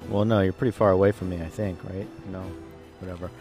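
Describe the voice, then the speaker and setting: Low-voiced man, exasperated role-play. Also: steady tone, fast talker, darkish tone, soft background music. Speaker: player. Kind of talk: in-character tabletop role-play.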